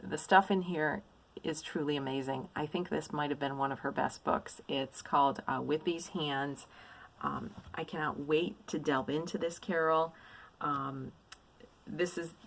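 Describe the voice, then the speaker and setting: Low-pitched woman hosting a craft vlog; effusive and gushing, plenty of ums. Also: steady tone, a little slow, low-quality recording. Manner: effusive, gushing with repeated praise and many ums. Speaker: stitching vlogger. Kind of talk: casual show-and-tell of a mail haul.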